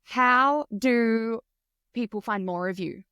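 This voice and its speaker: A woman's voice: fairly high pitch, slow, sharp tone, smooth, dry recording, clean studio sound. A woman hosting a podcast, gushing with enthusiasm as she thanks her guest. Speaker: podcast host. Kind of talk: casual interview talk.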